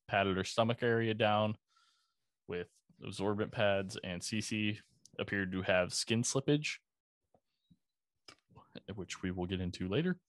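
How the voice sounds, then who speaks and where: A man with a low-pitched voice talks through events in a casual, conversational way, dropping profanity and dry sarcastic asides as he goes. The sound is close and dry, with no room around it. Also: dry recording. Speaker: podcast host. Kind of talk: casual true-crime narration.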